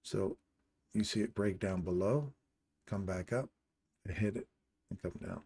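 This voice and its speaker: Gravelly man calling live trades. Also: fairly low pitch, measured pace, mellow. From Canada. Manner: chatty, pointing at charts and greeting viewers. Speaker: trading livestream host. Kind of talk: live trading commentary with chat.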